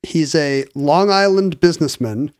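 A man's voice: a little high, measured pace, no echo, studio quality. A man co-hosting a podcast, explaining a story in a chatty, wry way with frequent restarts. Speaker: podcast co-host. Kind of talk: casual chat, explaining a story.

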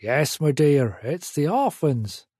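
A meek little farmer with a soft Suffolk burr, as a male narrator puts him on, mild and deferential, drawing his words out slowly. The voice is mellow and dry, recorded close. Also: a little high, very animated, husky, no room sound, full character voice. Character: meek little mustached farmer, rural accent.

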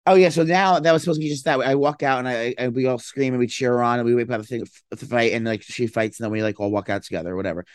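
A man in casual chat, groggy and slow after a late night out, rambling with lots of fillers and bursts of mock toughness. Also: mid-range voice, no echo, studio quality.

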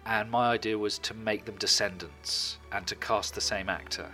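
A man being interviewed, chatting casually and telling animated stories about his work. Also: fairly low pitch, normal speed, faint music behind. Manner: animated, lively storytelling, puts on voices. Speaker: guest filmmaker.

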